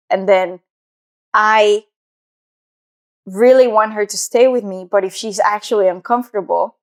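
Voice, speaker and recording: A young woman co-hosting a podcast, talking in a rambling, hesitant way with lots of fillers. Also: medium pitch. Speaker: podcast co-host. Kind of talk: casual chat.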